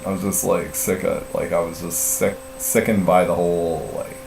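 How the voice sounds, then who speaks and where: A man's voice: low voice, fairly even intonation, normal speed, vocal fry. A middle-aged man telling a story in casual live-stream chat, rambling and profane, full of fillers and self-mocking laughs. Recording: roomy, distant mic with faint mains hum.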